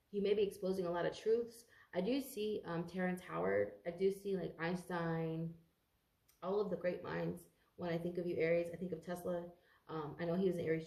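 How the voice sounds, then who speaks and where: A woman's voice: on the low side, vocal fry, mellow, echoey room. A congested woman giving a casual tarot reading to camera, rambling, swearing freely and stumbling over her words. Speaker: tarot reader.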